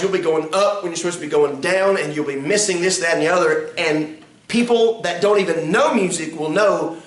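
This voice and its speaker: High-voiced man teaching song leading. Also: fairly bright tone, far from the mic. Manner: demonstrates by counting and singing hymns, chuckles. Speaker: music instructor. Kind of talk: classroom lesson on song leading. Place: classroom. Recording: echoey room, recorded from afar.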